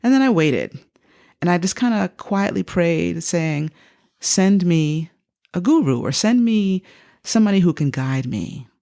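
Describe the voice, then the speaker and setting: A woman in her fifties, a psychotherapist being interviewed, telling a personal story in a lively way and acting out the voices she quotes. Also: a little slow. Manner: animated, acts out quoted speech with big pitch jumps. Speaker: psychotherapist guest.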